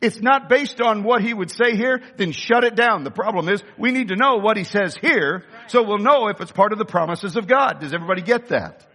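A man preaching a sermon with impassioned delivery, rising to shouts at the high points. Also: lively intonation, a little fast, few pauses. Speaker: pastor. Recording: long reverb of a large hall.

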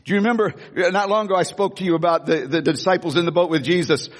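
A man preaching in a church sanctuary, telling a story with animated energy, stumbling over restarts and acting out the voices of others. His voice sits a little high for a man, and a long hall reverb trails behind every phrase. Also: quick pace. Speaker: pastor. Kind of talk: sermon with storytelling.

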